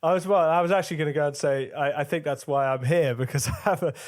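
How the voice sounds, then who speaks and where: A man's voice: fairly high pitch, fast talker, no room sound, studio quality. A man chatting as a podcast guest, candid and crude, often laughing. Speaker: guest, video director and producer. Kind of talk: casual podcast chat.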